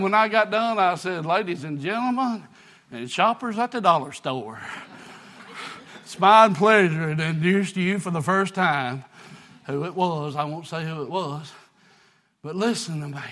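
A man, preaching a sermon, telling a folksy story that builds into shouted preaching. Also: on the high side. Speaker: pastor.

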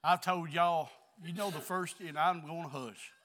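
Earnest preacher, rising and falling. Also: male voice, a little high, a little slow. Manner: earnest, confessional, swings from quiet to loud. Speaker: pastor. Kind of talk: sermon. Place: church.

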